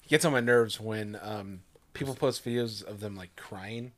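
A young man co-hosting a podcast, speaking hesitantly and softly with fillers. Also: on the low side, moderate pace. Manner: hesitant, soft-spoken with fillers. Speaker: podcast co-host. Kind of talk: casual chat.

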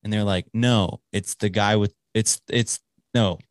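A man's voice: lowish voice, fairly even intonation, measured pace, no echo. A man hosting a show, talking casually in a rambling way with lots of swearing and restarts, recorded close on a dry mic. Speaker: podcast host. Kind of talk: casual chat.

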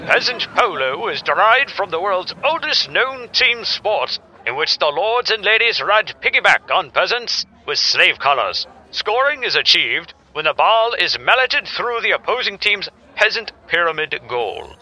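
A man doing a deadpan robot butler. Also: high-pitched, unhurried, lo-fi sound, exaggerated voice. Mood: explaining. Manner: deadpan, explanatory.

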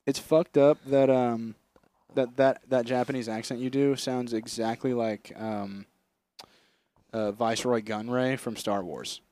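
A man's voice: medium pitch, flat delivery, a little slow, dark tone, no echo. A young man co-hosting a podcast, telling crude jokes in casual banter and laughing often. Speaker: podcast co-host. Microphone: close podcast microphone.

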